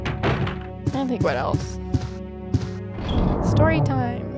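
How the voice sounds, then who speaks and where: A woman with a high, sing-song voice speaks very slowly over loud background music. She's live-streaming a game and chatting casually with her viewers, talking to chat and describing herself as very emotional.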